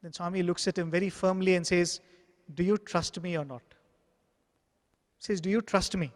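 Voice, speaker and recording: A high-pitched man speaks earnestly, telling devotional stories and voicing the exchanges within them. His voice rings out with a long reverb tail, as if in a large hall. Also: fairly even intonation, moderate pace. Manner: earnest, acts out dialogue in anecdotes. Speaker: spiritual speaker. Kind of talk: devotional talk with storytelling.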